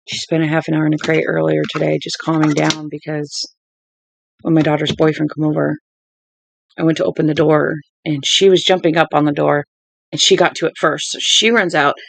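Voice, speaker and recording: A woman's voice: sits low, vocal fry, no echo, low-quality recording. A tired woman in her forties, a book-reading stream host, rambling through a casual story at home. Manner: chatty storyteller who drifts off topic. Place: at home with dogs.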